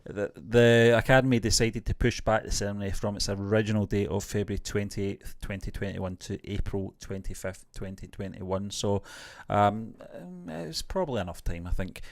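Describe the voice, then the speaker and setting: A man's voice: fairly low pitch, normal speed, gravelly, hardly any pauses, no room sound, studio quality. A man co-hosting a casual movie news show, reading news items aloud and adding jokey asides. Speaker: podcast co-host.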